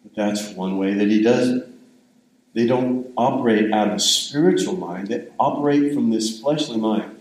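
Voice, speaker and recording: A man's voice: fairly low pitch, moderate pace, a little mellow, reverberant, low-quality recording. An older man giving a sermon in a conversational, rambling storytelling way. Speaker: pastor.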